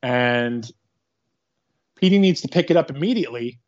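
A man co-hosting a casual chat about a movie, retelling scenes in a rambling, animated way with quick quoted asides. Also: medium pitch. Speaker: podcast co-host. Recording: dull lo-fi sound.

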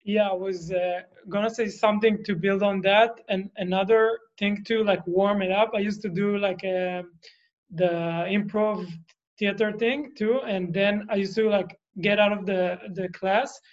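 A man's voice: sits high, steady tone, unhurried, lo-fi sound. A man sharing his experience with a workshop group, hesitant and full of fillers. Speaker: workshop participant. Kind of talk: casual chat.

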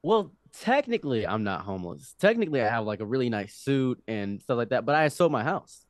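A man's voice: medium pitch, a little fast, dry recording, studio quality. A man in his twenties, a podcast guest, telling a rambling story with lots of restarts. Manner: animated, rambling, frequent restarts. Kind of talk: casual storytelling.

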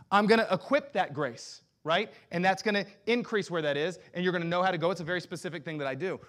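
A man's voice: fairly high pitch, a bit bright. A man preaching as a pastor, talking to his congregation in a sermon full of rhetorical questions and direct address. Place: church sanctuary.

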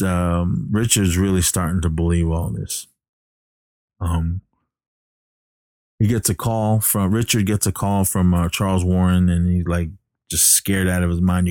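Recapping a movie's story, a man speaks in a very deep, mellow voice, relaxed but halting, often restarting and using fillers. The recording is close and dry, with no echo from the room.

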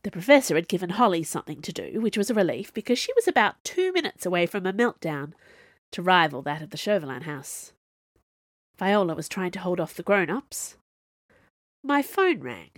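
Woman, audiobook narrator, wry, conversational, lowish pitch, dry close mic. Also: big pitch swings, moderate pace, dry recording. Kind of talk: scripted narration.

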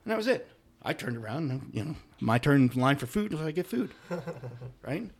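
A middle-aged man co-hosting a podcast, telling a story in casual chat, animated, with loud emphatic bursts and low muttered asides. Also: normal speed, breathy edge. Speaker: podcast co-host.

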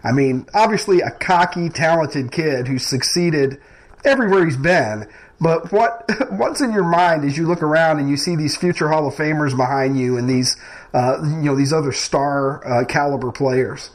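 A man hosting a radio interview who asks questions slowly, with many pauses and fillers. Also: on the high side, low-quality recording. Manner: halting, many fillers, slow and deliberate. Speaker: radio host.

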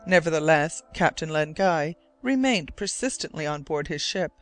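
A man's voice: fairly high pitch, animated, fairly bright tone, dry recording, soft background music. Man narrating an audiobook formally. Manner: measured, formal storytelling. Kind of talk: first-person audiobook narration.

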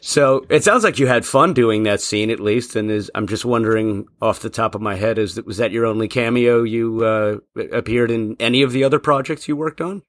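A man hosting an interview who asks long, halting questions full of fillers. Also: medium pitch, dry recording, studio quality. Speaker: podcast host.

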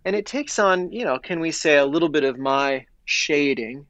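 A man's voice: on the high side, lively intonation, normal speed, fairly bright tone, dry recording, lo-fi sound. A man who is a priest, speaking as a podcast guest and thinking aloud as he explains spiritual ideas in casual conversation.

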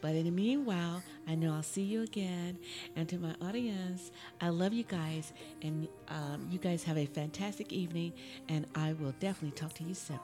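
A woman's voice: fairly low pitch, brisk, over music. Affirming woman podcast host. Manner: affirming, laughs often. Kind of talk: casual chat.

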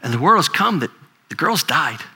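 A man's voice: fairly high pitch, sing-song, normal speed, bright, forceful tone, husky. An older man, a grandfather, preaching a sermon in a conversational storytelling way, often repeating words as he talks. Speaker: pastor.

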